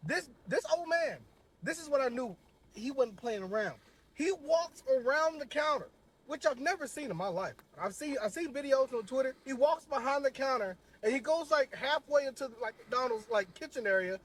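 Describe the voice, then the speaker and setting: High-pitched man telling a comic story. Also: normal speed. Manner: animated, acts out voices in his story. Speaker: storyteller in a TikTok clip.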